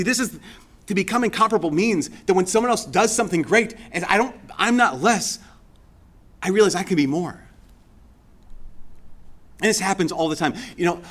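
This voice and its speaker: A male priest delivers a homily in a loose, conversational way, retelling a story with lively asides and everyday fillers. His voice sits a little on the higher side for a man. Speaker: Catholic priest.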